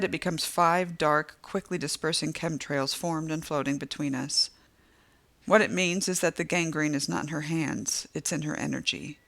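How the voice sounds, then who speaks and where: A woman's voice: low-pitched, fairly bright tone. Woman narrating a tense audiobook. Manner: tense, vivid storytelling. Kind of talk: first-person novel narration.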